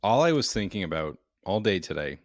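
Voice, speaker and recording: A man with a low, deep voice, co-hosting a casual sports podcast. He rambles and gets animated, laughing often as he talks. The sound is dry and close. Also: a little fast, dry recording. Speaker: podcast co-host.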